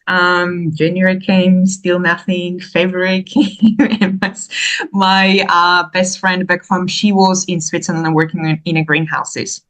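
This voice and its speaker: A woman from Slovakia speaks English, her voice sitting a little low for a woman. She tells her story as a podcast guest in a casual, animated way, breaking into laughter often. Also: measured pace, rough recording.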